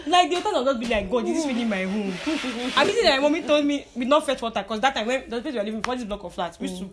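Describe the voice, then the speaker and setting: A woman's voice: on the high side, lively intonation, racing, noisy background. A young Nigerian woman telling stories in a casual chat. She mixes in pidgin and laughs often. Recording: crowd chatter in the background.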